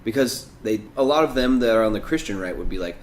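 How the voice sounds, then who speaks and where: Man talking politics, halting. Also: fairly low pitch, animated. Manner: hesitant, many restarts and fillers. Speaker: podcast co-host. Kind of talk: casual political chat. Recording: echoey room with faint noise.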